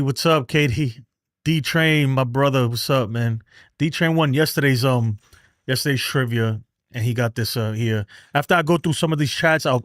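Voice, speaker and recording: A man's voice: medium pitch, no room sound, studio quality. Exasperated, profane male fan-show host. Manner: exasperated, profane, repeats himself. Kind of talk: heated fan rant on a livestream.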